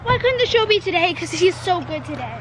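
A young woman tossing out quick offhand remarks while standing outside at a horse barn. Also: very high-pitched, sing-song, a bit bright, a little hiss or hum. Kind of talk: casual chat.

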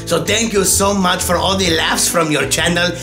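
A man voicing a gruff male cartoon supervillain with a thick put-on accent, over music. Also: high-pitched, fairly even intonation, moderate pace, natural voice.

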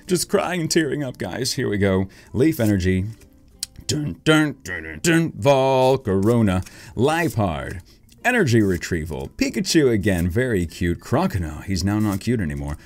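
Man, lower register, very lively delivery; hyped YouTuber unboxing cards with excited callouts and faint music behind. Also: unhurried. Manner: excitable, calls out each card, big gasps at rare pulls. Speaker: card-opening YouTuber.

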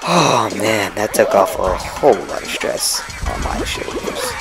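A young man giving casual, excitable commentary over his own gameplay, repeating himself and cheering on each win. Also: lowish voice, unhurried. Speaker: gaming video creator. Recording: game music playing underneath.

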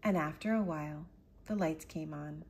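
A woman narrating a storybook in a quiet, even way, with a husky voice. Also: low-pitched, moderate pace, slight background noise. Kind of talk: storybook reading.

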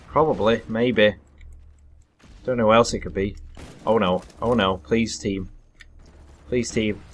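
A young man giving live commentary over his own gameplay, excitable and self-deprecating, breaking into sudden loud yelps. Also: fairly low pitch, a little slow, long pauses, slight background noise. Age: young adult. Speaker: gaming commentator.

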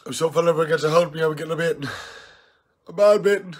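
A tipsy man with an Irish accent on a live stream, loudly teasing and challenging an old friend in rowdy banter. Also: fairly high pitch, very fast, slightly rough. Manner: loud, jokey, challenging and teasing. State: tipsy from drinking.

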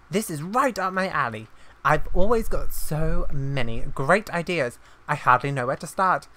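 A woman's voice: deep voice, a bit bright. A woman reading aloud the lines of an eager male viking builder from a game, in her own plain voice.

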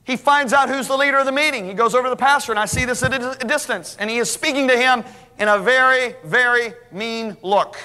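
A middle-aged man preaching a sermon as a lively story, acting out the dialogue. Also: extremely high pitch, fast, smooth. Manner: animated, acts out dialogue, restarts. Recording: hall reverb.

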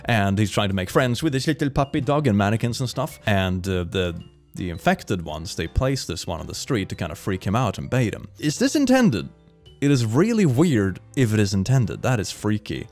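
A young man giving a jokey, excitable reaction commentary, often gasping and laughing. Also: medium pitch. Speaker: reaction video host.

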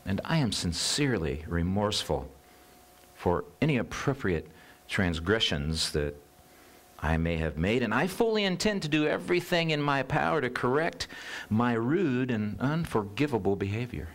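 A man's voice: mid-range voice, big pitch swings, normal speed, voice pushed up. A man voicing a prim male parrot that apologizes in stiff, formal language. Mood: mock remorseful.

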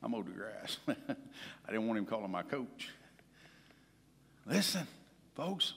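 A man preaching a sermon as pastor, telling personal stories and swinging from loud to hushed. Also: fairly low pitch, sing-song, slow pace, gravelly, pauses often, husky, in a large hall. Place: large church hall.

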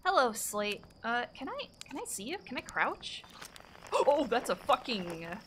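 A woman streamer chats loosely to her viewers as she plays, swearing and a little scattered. Her voice is bright and a touch higher than most. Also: big pitch swings, unhurried, slight background noise. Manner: scattered, swears, talks to chat. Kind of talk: casual gaming livestream chat.

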